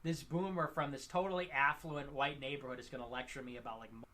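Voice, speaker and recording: A man rambling through a monologue, halting with fillers and restarts. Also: medium pitch, fairly even intonation, pushed and bright. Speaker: livestream commentator.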